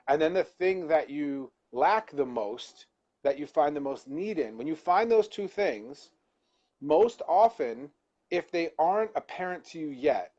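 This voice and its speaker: A man's voice: a little high, darkish tone. Reflective man on dull lo-fi call. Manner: reflective, searching for words, self-correcting. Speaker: co-host. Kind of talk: motivational live-stream talk.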